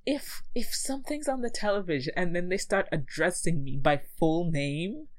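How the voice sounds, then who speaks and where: A woman's voice: on the low side, expressive, moderate pace, rough recording. A woman in casual podcast chat, recapping a movie plot with wry, laughing asides. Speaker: podcast co-host.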